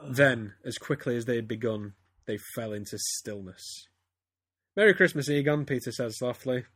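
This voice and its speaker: A man's voice: mid-range voice, steady tone, normal speed, husky, no echo, studio quality. A man, a podcast host giving a theatrical comic reading of a story. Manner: reads theatrically, breaks into laughter. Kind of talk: comedic dramatic reading.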